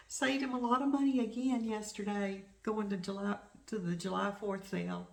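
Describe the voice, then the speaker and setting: A middle-aged woman from the United States, hosting a crafting vlog and chatting excitedly about her shopping. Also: mid-range voice, moderate pace, gravelly, few pauses. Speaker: flosstube host. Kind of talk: casual crafting vlog chat. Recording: echoey room.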